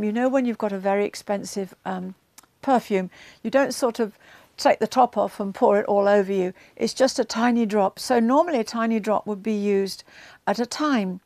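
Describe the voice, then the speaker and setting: A woman's voice: medium pitch, darkish tone, no room sound. A woman giving a conversational Bible teaching to camera, with chatty asides and frequent ums, growing emphatic as she retells scenes.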